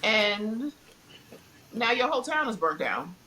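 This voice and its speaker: Woman, middle-aged, podcast co-host, very expressive pitch, bright tone, laughs often. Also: poor audio. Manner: animated, quick to laugh, acts out quotes. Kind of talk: casual pop-culture chat.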